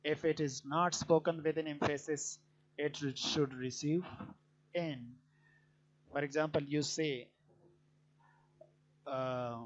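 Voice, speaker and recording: A man teaching a grammar lesson, explaining points deliberately with frequent hesitant fillers. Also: on the high side, steady tone. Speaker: English teacher. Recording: dull lo-fi recording.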